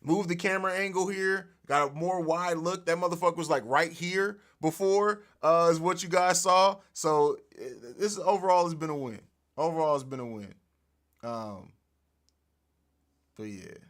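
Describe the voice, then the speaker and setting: The podcast host's voice is a little high and his pace normal as he runs a casual sports livestream from home. Recorded through an overhead mic, he's animated, profane, and frequently laughing.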